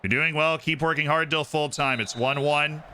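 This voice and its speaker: A man live-streaming a football manager game, commenting on the match like a sports caster and bursting into shouts at goals. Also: on the high side, fairly even intonation, normal speed, slight background noise. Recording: game music clearly playing behind. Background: game music.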